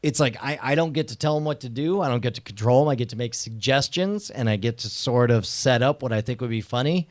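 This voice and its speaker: An excitable man hosting a live internet talk show. His voice sits at an everyday middle pitch. He chats loosely and keeps jumping into loud, laughing outbursts. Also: quick pace, few pauses. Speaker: show host. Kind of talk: casual live-show chat.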